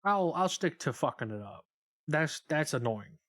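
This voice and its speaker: A man's voice: a little high, sing-song, normal speed, a bit bright. A man live-streaming a video game, chatting casually with viewers in a profane, rambling, joking way.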